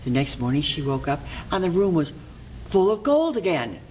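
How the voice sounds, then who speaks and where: Expressive storyteller telling a fairy tale. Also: mid-range voice, moderate pace, slight background noise, low-quality recording. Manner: lively, expressive, repetitive folk-tale phrasing.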